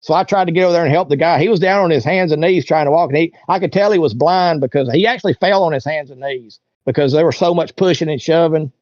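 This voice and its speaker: A man's voice: on the high side, fast talker, few pauses, darkish tone, no echo, highs cut off. A man, an interview guest telling a long story in a rambling, folksy way. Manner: rambling, folksy, lots of "you know" and "like". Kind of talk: casual storytelling.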